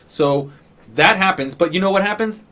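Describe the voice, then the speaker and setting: A man's voice: high voice, normal speed, bright, forceful tone. A man giving an exasperated, profane, sarcastic rant as a movie reviewer. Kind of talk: ranting film review.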